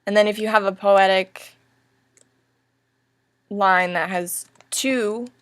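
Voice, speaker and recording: A young woman teaches a recorded lesson, talking slowly and carefully through each point. Her voice is bright and crisp, recorded close and dry with no room sound. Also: mid-range voice, fairly even intonation, dry recording. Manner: slow, deliberate, spelling out each stress. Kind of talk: recorded lesson over slides.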